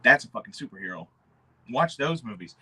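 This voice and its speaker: Excitable, profane livestream host. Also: male voice, mid-range voice, brisk, husky. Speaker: livestream host showing custom figures. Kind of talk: casual livestream chat.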